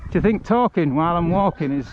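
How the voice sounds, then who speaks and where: A man's voice: fairly high pitch, expressive, quick pace. A British man live-streaming as he walks through countryside on a charity walk. He chats loosely with viewers and is slightly out of breath. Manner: chatty, rambling, addresses viewers by name. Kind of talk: casual live-stream chat while walking. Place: outdoors on a country path among rice fields. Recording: dull lo-fi phone audio with outdoor noise.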